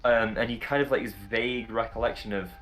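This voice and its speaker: A man's voice: medium pitch, steady tone, fast talker, a bit bright, soft background music. A man narrating as dungeon master in a tabletop game, telling the scene in a loose, amused way full of fillers. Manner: rambling, filler-heavy, amused storytelling.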